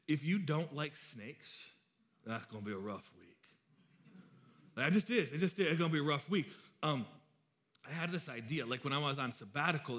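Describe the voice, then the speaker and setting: A man's voice: medium pitch, fairly bright tone. A man in his thirties preaching a sermon, informal and joking, telling stories to his congregation. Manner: joking storyteller, chatty and informal. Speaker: pastor.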